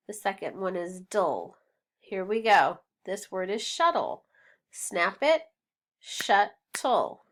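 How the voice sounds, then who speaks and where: A woman teaching a phonics lesson, sounding out words slowly and deliberately. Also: medium pitch.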